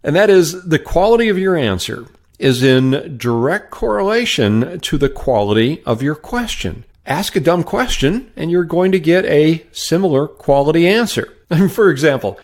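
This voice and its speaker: A middle-aged man hosting a solo sales-training podcast, upbeat and coaching. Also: on the high side.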